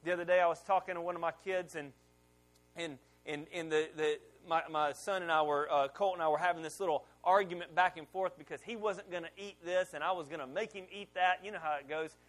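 A middle-aged pastor with a fairly high voice preaches to his church congregation. He talks like he is telling a story to friends, then gets loud and pushes hard on his key points. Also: fairly even intonation, brisk. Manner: conversational storytelling preacher, rising loud on emphasis. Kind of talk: sermon.

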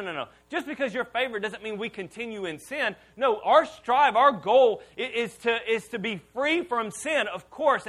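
A man in his thirties preaches to his congregation with a strikingly high, bright voice. He talks casually and keeps it lively, calling on the room to repeat lines back to him. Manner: animated, conversational preaching with audience call-and-response. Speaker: pastor. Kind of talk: sermon. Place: church auditorium before a congregation.

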